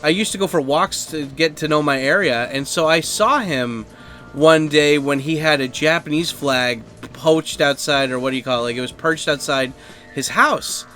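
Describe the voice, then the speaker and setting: Podcast host, male, loose profane storyteller, voice a bit high, faint music underneath. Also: normal speed, pushed and bright. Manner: rambling, profane, heavy on fillers and acted quotes. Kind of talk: casual storytelling.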